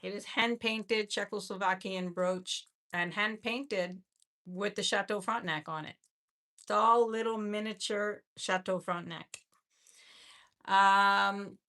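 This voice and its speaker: A woman's voice: medium pitch, bright, forceful tone. A woman hosting a live jewelry sale, chatting in an effusive way and often repeating her words. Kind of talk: casual live-stream selling.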